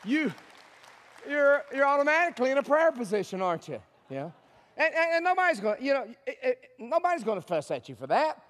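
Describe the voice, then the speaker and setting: Preaching as a guest in a church sanctuary, this man has a very high, sing-song voice that moves a little fast with a fairly bright tone. He keeps things folksy and humorous, getting the congregation to echo his words in call and response, while a faint crowd can be heard. Long church hall reverb fills the recording.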